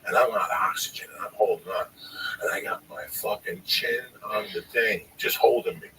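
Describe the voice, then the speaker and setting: A man telling a long, profane, animated story on a podcast, often calling his listener by name. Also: on the low side, normal speed, far from the mic, a little hiss or hum, rough recording. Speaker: storyteller guest.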